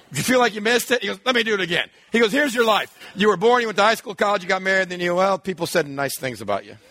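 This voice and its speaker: A man preaching a sermon in an animated way, acting out voices and sometimes shouting. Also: high-pitched. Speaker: pastor.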